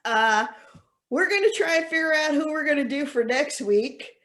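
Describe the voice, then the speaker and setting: A woman's voice: sits high, lively intonation, normal speed, fairly bright tone. A young woman co-hosting a casual podcast, chatty and thoughtful, with many fillers. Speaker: co-host.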